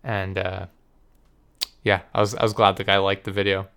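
A man's voice: sits low, monotone, moderate pace, vocal fry, a bit bright, clear, resonant tone. A young man co-hosting a podcast, telling rambling, profane, self-deprecating stories in casual chat. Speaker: podcast co-host and video editor.

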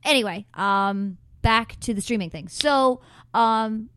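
A woman's voice: fairly high pitch, slow, a bit bright, clear, resonant tone, dry recording. A woman chatting as a podcast guest, bubbly and gushing, with frequent ums and likes. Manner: bubbly, gushing, lots of fillers. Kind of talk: casual podcast chat.

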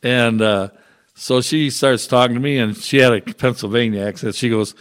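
A man's voice: medium pitch, fairly even intonation, moderate pace, clean tone. A middle-aged man, a trucker chaplain, telling stories in a casual interview with a folksy manner and frequent chuckles. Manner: folksy, chuckles often through his stories.

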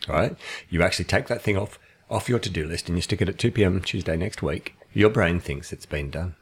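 A man with a croaky voice, casually explaining and telling stories on a podcast. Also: low-pitched, fairly quick. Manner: storytelling, animated when acting out quotes. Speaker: podcast co-host, trainer. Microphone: studio microphone.

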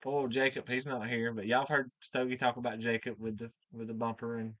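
A man with a bright, forceful voice tells a folksy, cussing shop story in easy conversation. The sound is dry and close to the mic. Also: medium pitch, flat delivery, brisk, dry recording. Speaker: mechanic guest. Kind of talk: casual storytelling chat.

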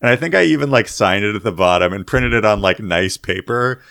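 A man's voice: on the low side, expressive, brisk, gravelly, fairly bright tone, no echo, studio quality. A young man chatting casually on a podcast, rambling with lots of fillers. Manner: rambling, filler-heavy storytelling.

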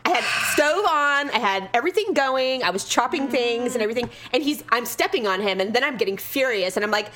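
A woman's voice: a little high, a little fast, hardly any pauses, slight background noise. A middle-aged woman in casual chat, telling exasperated stories with lots of animation. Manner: animated storyteller, exasperated venting.

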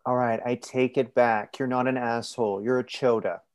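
A man's voice: mid-range voice, steady tone, normal speed, a little mellow, smooth, natural voice. A man voicing a grumpy, brash wife with a nerdy side in an improvised comedy sketch. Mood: irritated. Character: grumpy wife stuck in a pool, secretly nerdy.

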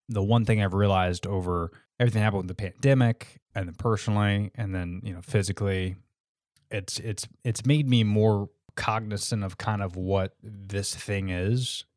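A man's voice: fairly low pitch, darkish tone, no room sound, clean studio sound. Laid-back swearing male podcast host. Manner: laid-back, swears freely, many fillers. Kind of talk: casual podcast chat.

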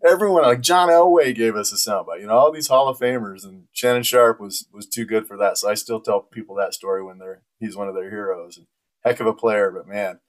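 In casual conversation, a man in his forties with a lowish voice talks briskly, spinning stories animatedly and laughing frequently.

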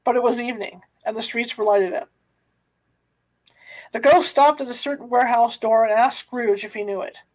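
A woman's voice: fairly high pitch, normal speed, a little mellow, low-quality recording. A woman narrating a classic novel aloud, sometimes stumbling and restarting words. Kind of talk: audiobook reading of a classic novel.

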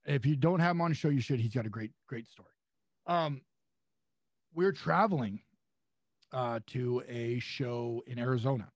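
A young adult man, a pro wrestler guest, telling a long anecdote with lively acted-out quotes. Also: mid-range voice, moderate pace, pauses often, dry recording. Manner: animated, acts out quotes with voices and laughs. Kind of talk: storytelling anecdote.

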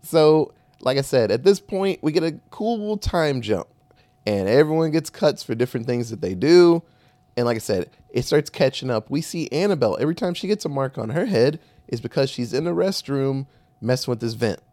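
A man with a lively, swooping delivery that rises and falls a lot as he rambles through a casual recap. He swears freely and corrects himself mid-sentence. The sound is dry and close, with no room echo. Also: medium pitch, normal speed. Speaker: podcast co-host recapping a movie. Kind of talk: casual chat.

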